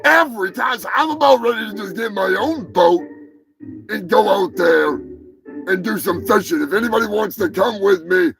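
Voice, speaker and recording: A male host giving a sarcastic, profane comedic rant on a live show, often breaking into shouts. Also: high-pitched, lively intonation, moderate pace, vocal fry, music in the background, low-quality recording.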